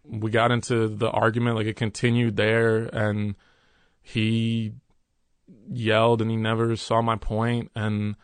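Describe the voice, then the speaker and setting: A man as an interview guest, candidly recounting a workplace conflict in an earnest, halting way with many restarts. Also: fairly low pitch, monotone, smooth, no room sound.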